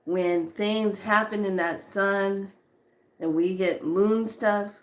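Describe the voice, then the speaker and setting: At a medium pitch, this female spiritual teacher chats casually with viewers about the spiritual side of life. She's animated, quick to laugh, and turns soft and slow, almost hushed, on her calming statements.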